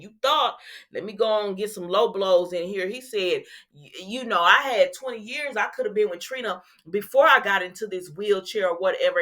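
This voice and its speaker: A woman who recaps soap opera episodes in a casual, chatty way, acting out the dialogue and laughing often. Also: medium pitch. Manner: animated, acts out the quotes, laughs often.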